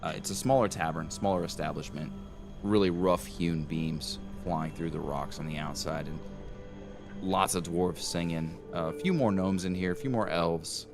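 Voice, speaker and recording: Deep, gravelly game master. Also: male voice, moderate pace, over music. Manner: relaxed, rambling, with many fillers. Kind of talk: narrating a tabletop game.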